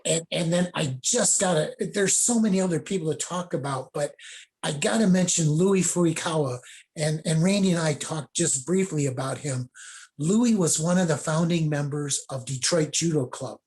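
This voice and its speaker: A man's voice: on the high side, normal speed, a little mellow. A middle-aged man, a judo sensei, telling rambling stories casually on a video call. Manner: rambling anecdotes with laughs and acted quotes.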